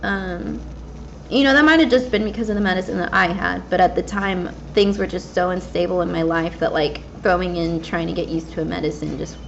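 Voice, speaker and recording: Gravelly-voiced young woman, candid rambling chat. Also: lowish voice, fairly even intonation, fairly quick. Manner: rambling, candid, with frequent fillers and laughs. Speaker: gaming vlogger. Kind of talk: casual personal talk while gaming. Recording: slightly dull lo-fi mic with faint background hiss.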